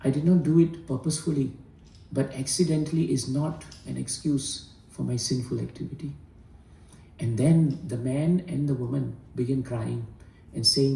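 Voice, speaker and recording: A man telling a devotional story in an earnest, deliberate way, voicing the characters' words within his own telling. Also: medium pitch, creaky, warm tone, roomy sound, recorded from a distance, rough recording. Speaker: spiritual storyteller.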